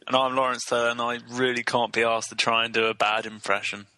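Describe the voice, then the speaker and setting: A man's voice: medium pitch, little pitch movement, quick pace, bright, forceful tone. A young man co-hosting a casual chat, laid-back and steering the conversation. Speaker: podcast co-host.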